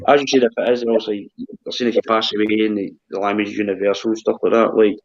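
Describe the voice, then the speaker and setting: A man's voice: on the low side, little pitch movement, fast talker. A Scottish man hosting a casual chat, talking hesitantly and often repeating his words. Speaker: host. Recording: dull lo-fi sound.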